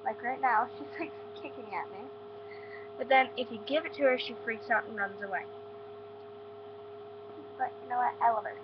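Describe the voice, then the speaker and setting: A woman's voice: fairly high pitch, normal speed, pauses often. Stuffy-nosed teen girl vlogging. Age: teens. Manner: chatty, many likes and ums. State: stuffy nose, sick. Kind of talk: casual vlog chat. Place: at home. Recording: dull lo-fi webcam with hum.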